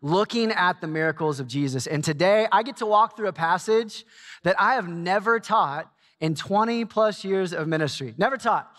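A man in his forties preaching a sermon in a church, telling a self-mocking story with lively energy. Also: high-pitched, moderate pace. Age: 40s. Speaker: pastor. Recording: long hall reverb.

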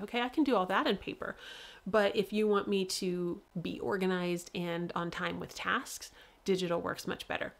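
A woman's voice: on the low side, steady tone, moderate pace, creaky. A woman author hosting a casual livestream, talking freely with lots of fillers and frequent laughter. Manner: chatty, laughs often, many fillers.

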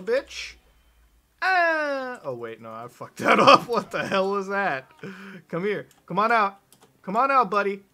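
This man plays a video game on a live stream, narrating and reading out chat in a profane, mocking, excitable style punctuated by abrupt shouting. His voice is fairly high in pitch.

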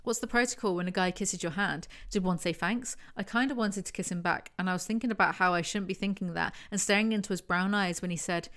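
A woman's voice: on the low side, fast, few pauses, fairly bright tone. Snarky woman reading and roasting a novel. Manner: snarky, wry asides. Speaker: book commentary YouTuber. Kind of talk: reading book passages with sarcastic commentary.

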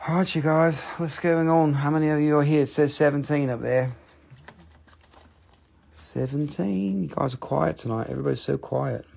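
A man's voice: fairly high pitch, moderate pace, gravelly, a little mellow. A man hosting a live stream where he sells minerals, with joking, chatty patter that coaxes viewers to comment.

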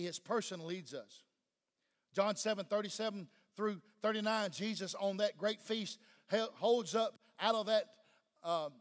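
A man with a Southern US accent preaching a sermon fervently, pressing the congregation with questions. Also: high-pitched. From Tennessee. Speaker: pastor. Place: church sanctuary. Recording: long church-hall reverb.

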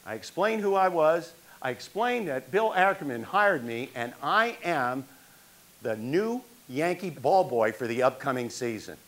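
A man's voice: on the high side, lively intonation, measured pace, a bit bright. An older man from New York performing a one-man stage monologue, telling his own story and acting out the people in it.

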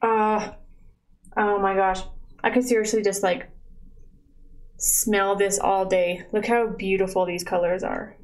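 Young woman streaming from her room, super excitable, says like and oh my gosh constantly, right up on the mic. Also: medium pitch, unhurried, poor audio. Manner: gushing, excitable, lots of "like" and "oh my gosh". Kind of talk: casual live-stream unboxing chat. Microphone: close desk mic.

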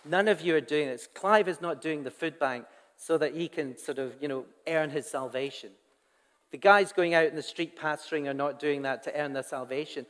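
A man's voice: on the high side, normal speed, fairly bright tone. A man giving a sermon to his congregation, earnest and conversational, with asides to the people in front of him. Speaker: pastor. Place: church hall. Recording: long church reverb.

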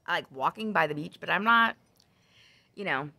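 A woman's voice: fairly low pitch, expressive, normal speed, creaky, pushed and bright, no room sound. A woman vlogging about her crochet projects in a casual, rambling chat full of tangents, ums and self-corrections. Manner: chatty, rambling with side tangents.

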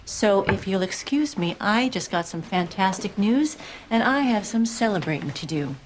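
A woman's voice: medium pitch, expressive, moderate pace, background noise. A woman in a sitcom, with a brusque, dry way of talking. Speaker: sitcom character, a brusque boss. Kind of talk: sitcom acting.

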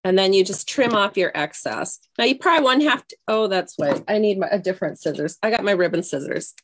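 A woman's voice: medium pitch, expressive, a little fast. Chatty woman demonstrating a craft project. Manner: chatty, scattered, loses her train of thought. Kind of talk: casual craft tutorial.

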